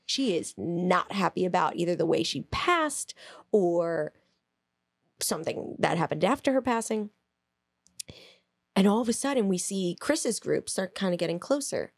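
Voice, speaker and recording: A woman co-hosting a podcast, telling a story in a casual, animated way, laughing, swearing and acting out quotes. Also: lowish voice, vocal fry, no echo, studio quality. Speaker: podcast co-host.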